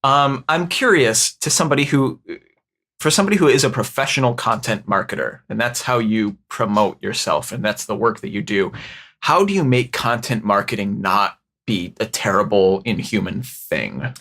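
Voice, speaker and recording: A man's voice: lowish voice, lively intonation, moderate pace, fairly bright tone. Wry man with upstate New York accent. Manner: wry, joking. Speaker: podcast co-host. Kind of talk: casual podcast chat.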